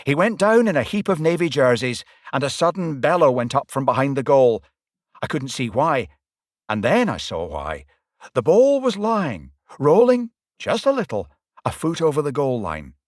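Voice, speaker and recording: Male narrator for a comic audiobook, very expressive pitch, close dry recording. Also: normal speed, no echo. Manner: animated, swings pitch and loudness with the action. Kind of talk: first-person audiobook narration.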